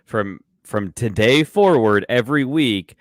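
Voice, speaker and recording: Lively-voiced man on a podcast. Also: medium pitch, measured pace, dry recording, clean studio sound. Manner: profane, questioning, rambling. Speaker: podcast co-host. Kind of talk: casual podcast banter.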